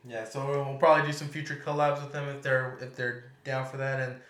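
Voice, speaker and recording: A man's voice: mid-range voice, level tone, fast, a bit bright. A man co-hosting a podcast in easygoing casual chat. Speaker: podcast co-host. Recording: echoey room.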